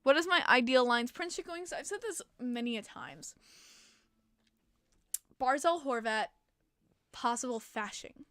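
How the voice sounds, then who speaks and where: A woman's voice: sits high, expressive, measured pace, long pauses, fairly bright tone, no echo. A young woman hosting a casual hockey podcast stream, chatty and opinionated, answering chat and sounding tired. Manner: chatty, opinionated fan reading chat comments. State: tired, yawning. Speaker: podcast host.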